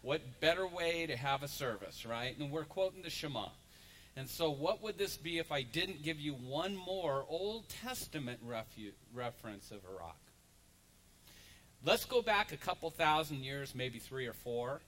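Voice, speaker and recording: Pastor guy preaching, slow and animated, acts out the crowd, bright tone. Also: a little high, poor audio. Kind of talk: lively sermon. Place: church sanctuary.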